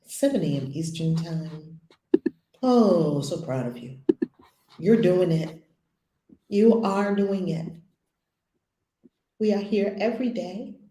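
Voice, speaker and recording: A woman spiritual teacher leading a daily lesson, repeating affirmations with slow emphasis on each word. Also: on the low side, expressive, reverberant, background noise.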